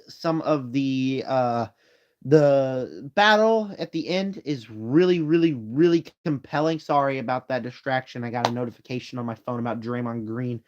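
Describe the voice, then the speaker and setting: A man's voice: medium pitch, dull audio. A man casually chatting on a live stream at home, ranking movies in a tired, rambling way with yawns. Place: home room. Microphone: phone.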